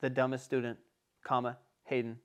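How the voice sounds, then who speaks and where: Guy in his twenties ranting a story to a friend, lively delivery, lots of cursing. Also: mid-range voice, normal speed. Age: young adult. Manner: animated storytelling, heavy swearing. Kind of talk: casual chat.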